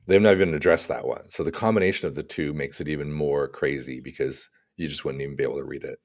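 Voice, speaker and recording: A man co-hosting a casual tech podcast, talking through examples in an animated way with acted-out asides. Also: a bass voice, fast talker. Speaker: podcast co-host.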